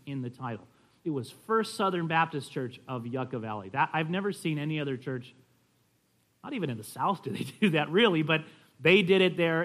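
A man's voice: fairly high pitch, fairly bright tone. A man teaching a class on church history in a conversational way, telling stories and often checking in with his listeners. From California.

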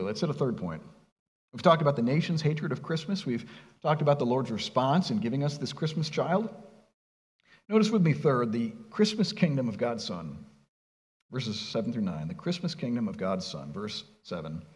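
A man's voice: medium pitch, long reverb tail. A middle-aged man preaching a sermon, earnest and emphatic, asking the congregation rhetorical questions. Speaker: pastor.

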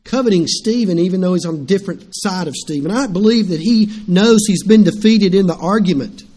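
High-voiced man preaching a lively sermon. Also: fairly quick. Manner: animated storytelling, rhetorical questions to the congregation. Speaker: pastor.

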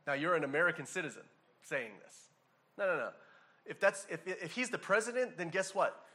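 A man's voice: sits high, brisk, sharp tone. A man preaching a sermon, emphatic, with frequent restarts and acted-out asides. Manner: emphatic, hammers single words. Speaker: pastor.

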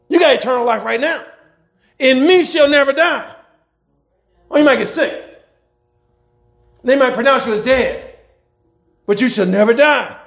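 A male pastor delivering a sermon in a strikingly high voice with a lively, swooping pitch. He bellows scripture, then drops into quiet, rapid asides, and repeats key lines back to the congregation. A gravelly rasp sits under his tone. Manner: swings between shouted scripture and quiet, fast asides; repetitive, call-and-response preaching. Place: church with congregation.

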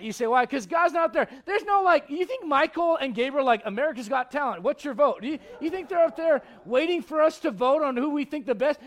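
Male pastor with a very high voice, preaching a lively, emphatic sermon. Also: fairly quick, few pauses. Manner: emphatic, conversational, acts out quotes and asides, frequent restarts.

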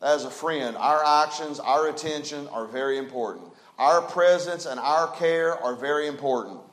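A man preaches from the pulpit in a high, ringing voice. He builds to loud, drawn-out emphatic phrases. The sound carries the echo of a roomy church. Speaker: pastor. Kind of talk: sermon.

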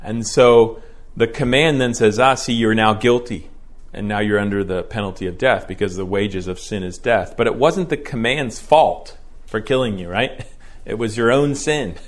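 A man's voice: fairly low pitch, normal speed. A man teaching a verse-by-verse Bible lecture to a class, explaining patiently and often checking in with "right?", stretching key words for emphasis.

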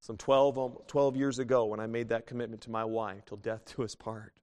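A male pastor delivers an impassioned sermon, his voice surging up in fervent bursts and then dropping to hushed, tender pleas. His pitch sits in the middle for a man. The sound rings with a long church reverb. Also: level tone, brisk. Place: church sanctuary.

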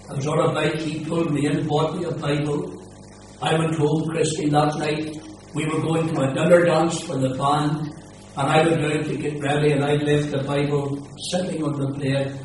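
An older pastor giving his personal testimony in earnest, emphatic storytelling, his voice rising on the key moments. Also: on the high side. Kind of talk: personal testimony before a congregation. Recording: echoey hall, distant mic, steady noise.

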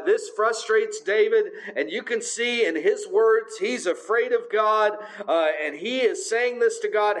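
A man's voice: high-pitched, low-quality recording. A man preaching a sermon in a conversational way, with frequent filler sounds. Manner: conversational, many filler uhs.

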